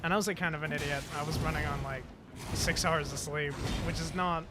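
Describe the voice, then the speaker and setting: A man's voice: a little high, over loud music. A young British man streaming, telling a rambling story with lots of swearing, fillers and restarts. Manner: halting, swears a lot, many fillers and restarts. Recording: steady background noise.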